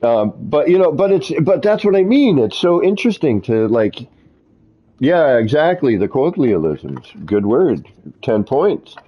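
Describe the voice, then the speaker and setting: A man's voice: mid-range voice, sing-song, unhurried, slightly rough, lo-fi sound. A man streaming a video game, chatting in a rambling way with players who join him in voice chat. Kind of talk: casual live-stream chat while gaming.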